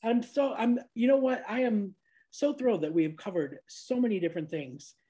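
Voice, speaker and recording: A woman hosting a relaxed podcast conversation from her home, pitched in an ordinary middle range. She talks in loose, meandering sentences full of "you know" and "like," and breaks into laughter often. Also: moderate pace, breathy edge. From Niagara Falls, New York, USA. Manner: chatty, laughs often, many fillers. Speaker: podcast host. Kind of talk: casual interview chat. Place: lives abroad, recorded at home with cats.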